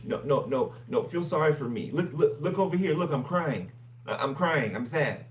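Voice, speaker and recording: A man's voice: fairly high pitch, expressive, normal speed, roomy sound, recorded from a distance, very noisy, pitched above the performer's own voice, close to an everyday voice. A man mocking a whiny sympathy-seeker. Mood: whiny pleading. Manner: pleading, repetitive, mock-crying. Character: whiny, self-pitying attention-seeker begging for sympathy.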